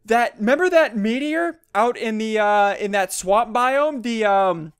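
Excitable young guy narrating gameplay. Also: high voice, measured pace, clean tone. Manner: excitable, laughs often, jumpy, frequent gasps and yelps. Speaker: gaming YouTuber. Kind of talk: Let's Play commentary.

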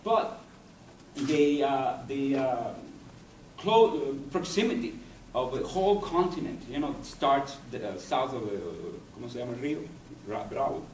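A native Spanish speaker from Cuba, this male poet lectures at a university in English, his medium-pitched voice animated and a little mellow. He pauses, digresses and searches for words; a distant mic in the echoey room catches faint hiss.

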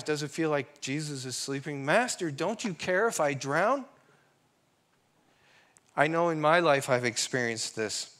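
A middle-aged man preaching a sermon in an earnest way, slowing down to sing and quote scripture. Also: on the high side, a bit bright.

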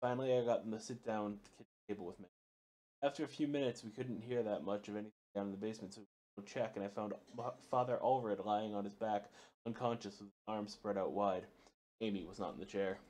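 A man playing a horror game, reading its notes aloud haltingly, with frequent stumbles, and swearing or yelping when startled. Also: fairly low pitch, steady tone, darkish tone. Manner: reads in a halting way, stumbling and restarting words. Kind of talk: let's play commentary.

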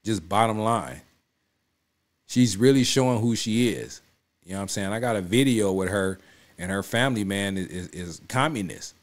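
A man hosting a reaction video, talking in an emphatic, repetitive, casual way and often checking in with his listeners. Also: on the low side. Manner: emphatic, repeats himself, keeps saying "you know what I'm saying". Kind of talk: casual spoken commentary.

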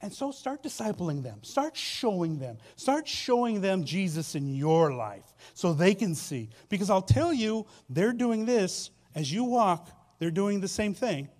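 A man preaching a sermon as pastor, telling stories with repeated phrases and swinging between loud and soft delivery. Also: high voice, big pitch swings, unhurried, hardly any pauses. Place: church sanctuary.

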